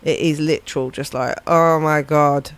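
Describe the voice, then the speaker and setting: A woman's voice: sits low, steady tone, measured pace, smooth. A woman, a livestreaming musician, chatting casually and reflectively, rambling and swearing now and then. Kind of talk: casual chat on a live stream.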